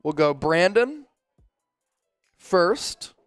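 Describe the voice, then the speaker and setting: A hyped-up man in his thirties runs a live sports stream from a studio, rattling off viewer shout-outs. His voice sits high and comes through smooth and clear. The sound is dry and close, with no room echo. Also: drawn-out words, soft background music. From Philadelphia area, USA. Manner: energetic, hyped, chanting with the chat.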